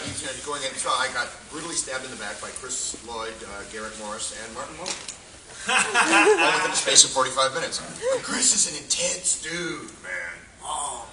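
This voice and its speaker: A man who works as a voice actor and impressionist, telling a convention panel a self-mocking story. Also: fairly high pitch. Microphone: phone in audience. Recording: echoey distant phone recording.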